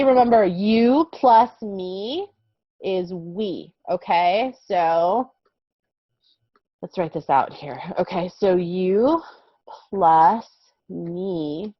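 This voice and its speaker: Slow patient kindergarten teacher woman. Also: mid-range voice, no echo. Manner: slow, patient, sing-song teacher talk with frequent "okay?" checks. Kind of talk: online vocabulary lesson for young children. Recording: dull lo-fi sound.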